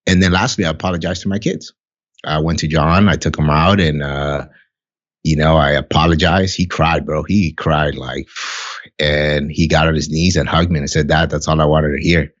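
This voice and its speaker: Deep-voiced man telling a blunt personal story. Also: steady tone, moderate pace, dull audio. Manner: blunt, profane, heartfelt storytelling. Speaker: podcast guest. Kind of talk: candid casual conversation.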